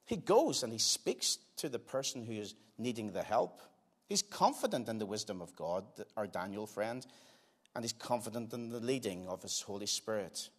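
An older man preaching to his congregation from the pulpit of a church. His voice sits at an ordinary middle pitch for a man. He speaks earnestly, leaning hard on key phrases and then dropping to quiet, unhurried asides. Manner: earnest, swings between emphatic loud lines and quiet slowed asides. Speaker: pastor. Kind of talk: sermon. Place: church sanctuary.

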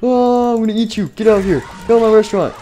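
A man voicing an angry male animatronic bear who yells shrilly at a crowd in a game video. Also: fast, faint music behind, close to an everyday voice. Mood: furious. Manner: shrill yelling.

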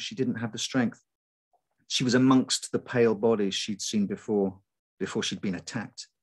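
A man with a lowish voice reads his own folk horror story aloud to a live audience. His narration is measured and unhurried.

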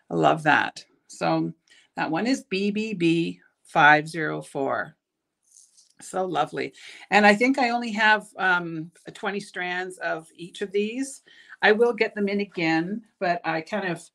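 A woman's voice: fairly low pitch, creaky, fairly bright tone. Tired, chatty woman selling beads. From Canada. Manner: chatty, stumbles over words. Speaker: bead shop owner hosting a live product show. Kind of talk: casual live product showcase.

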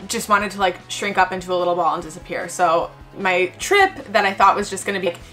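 A woman's voice: on the low side, a little fast, faint music behind. Chatty young woman telling a travel story. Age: 20s. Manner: chatty, animated, acts out quoted voices, frequent "like". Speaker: travel vlogger. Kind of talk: casual storytelling.

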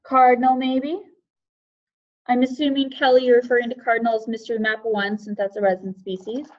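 A woman with a high voice leads a live online lesson for teachers, picking up names and guesses from the chat and answering each in turn. Her audio comes through dull and lo-fi, like a typical webinar feed. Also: little pitch movement, brisk. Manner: friendly, reads out chat guesses and thanks participants. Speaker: webinar presenter for educators.

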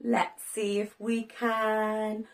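A woman's voice: medium pitch, completely flat delivery, drawn-out words. A woman hosting a children's learning video as a preschool teacher, talking in a sing-song way with dramatic gasps and plenty of praise.

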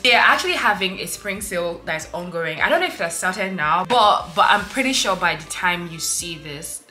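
A young woman talks casually to her viewers in a fairly low voice, chatty and direct, often restarting and rephrasing as she goes. She speaks into a handheld camera mic. Soft music sits faintly underneath. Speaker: lifestyle vlogger. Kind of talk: casual vlog talk to camera. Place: indoors at home, later walking outdoors in a city.

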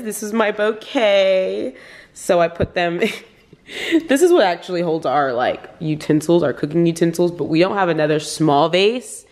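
A young woman talks straight to her viewers from home in a casual, gushing vlog voice, her pitch sitting low for a woman. She rambles happily and fills her sentences with "like". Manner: gushing, chatty, lots of "like". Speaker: vlogger, bride. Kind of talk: casual chat.

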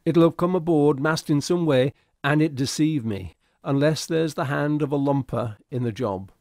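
A man voicing a hot-tempered second mate who bursts out loudly and indignantly. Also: a little high, normal speed, no echo, clean studio sound, voice pushed up, close to an everyday voice. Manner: loud, indignant outbursts.

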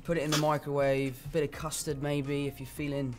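A man's voice: fairly high pitch, little pitch movement, fairly quick. A young man with an English accent, chatting playfully while presenting in a video clip. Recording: clip with music behind. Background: music.

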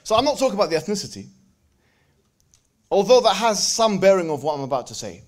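A man giving a lively religious lecture to a live audience, joking and bantering with the crowd and quoting verses in quick Arabic recitation. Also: sits high. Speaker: speaker at a religious event.

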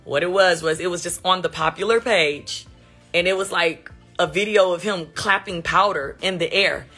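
Bright, husky woman commentator. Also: lowish voice, moderate pace, faint music behind. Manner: chatty and sarcastic. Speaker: host. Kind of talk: casual commentary chat.

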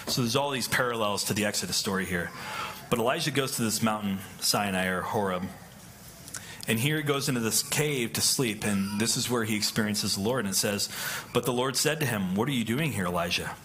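A man's voice: on the low side, a little fast, a bit bright, slight background noise. A male pastor giving a conversational sermon, often checking in with "right?". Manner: conversational, keeps asking "right?".

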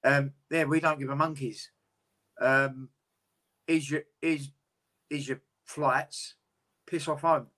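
A man's voice: medium pitch, little pitch movement, takes it slowly, long pauses, pushed and bright. A man, a boxer talking candidly and at length in a casual interview, swearing freely.

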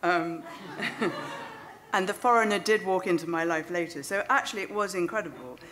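Woman, fifties, storyteller on stage; lowish voice, slight hiss behind, wry and self-mocking. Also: moderate pace, fairly bright tone. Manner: self-deprecating, wry, laughing at her own jokes. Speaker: speaker at a storytelling event. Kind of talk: anecdotal storytelling to a live audience. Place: stage before an audience.

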